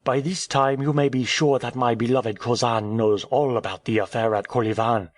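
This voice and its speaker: A man reading an audiobook, voicing a cheerful, talkative male French journalist who speaks in a brisk, airy, teasing way. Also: medium pitch, fairly even intonation, no room sound, clean studio sound, close to an everyday voice. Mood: breezy.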